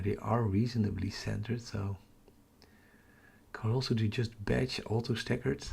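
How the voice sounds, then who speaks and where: A man, hosting a live telescope stream in a hushed whisper, halting and correcting himself as he works outdoors at night. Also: lowish voice, vocal fry, husky. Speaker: astrophotography livestream host.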